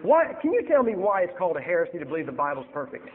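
A male preacher telling a story in a sermon, acting out both sides and getting loud and heated. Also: sits high, very animated, very fast, in a large hall, phone-quality sound, slight background noise.

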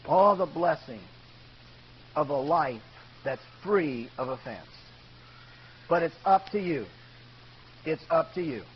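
A male pastor delivers an emphatic sermon, calling "amen" to the congregation and swinging between loud and hushed. His voice is fairly high, and the lo-fi recording sounds dull with a faint hum.

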